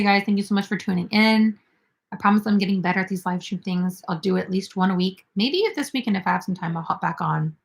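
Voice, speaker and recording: A young woman with a mid-range voice hosts a crochet livestream, chatting casually as she reads viewer comments aloud and answers them.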